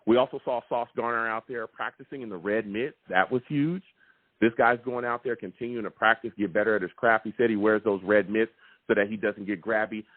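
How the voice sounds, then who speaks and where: A man hosting a live call-in sports podcast, talking emphatically and repeating himself with excitement. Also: fairly low pitch, fairly quick, no echo. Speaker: sports talk show host. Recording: tinny phone-like, dry sound.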